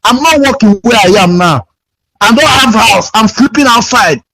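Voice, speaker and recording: A man's voice: high voice, expressive, normal speed, vocal fry, bright, forceful tone, breathy edge, rough recording. Aggrieved Nigerian caller man. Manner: aggrieved, repetitive pleading. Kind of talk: call-in to a radio show.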